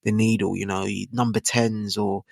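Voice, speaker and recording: Young bloke, twenties, low gravelly voice, dry close sound, slangy rambling football chat. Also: male voice, level tone, normal speed, darkish tone, no room sound. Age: 20s. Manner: slangy, rambling, asks rhetorical tag questions. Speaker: football channel host. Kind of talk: casual football opinion monologue.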